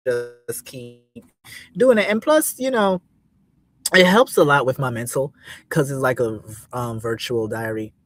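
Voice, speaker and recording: A man's voice: medium pitch, a bit bright. A man hosting his own channel, chatting casually and loosely on a livestream, with slangy talk and many fillers.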